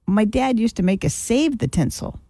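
A woman's voice: a little high, moderate pace, dry recording. A woman co-hosting a morning radio show in a studio, chatting and telling stories with frequent laughs. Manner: chatty, laughs often, animated storytelling. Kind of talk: casual morning radio banter. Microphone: studio microphone.

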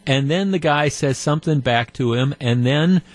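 A man's voice: a little high, moderate pace, dry recording. A man hosting a call-in radio talk show, retelling a story in a conversational way. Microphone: studio microphone.

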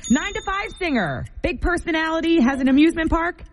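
A woman's voice: very high-pitched, lively intonation, brisk. An American woman co-hosting a morning radio show, giggly and self-deprecating in banter.

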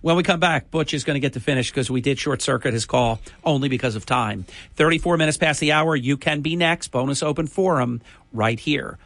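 A man's voice: mid-range voice, fairly quick, fairly bright tone. A man hosting a morning talk radio show, talking in an emphatic, chatty way.

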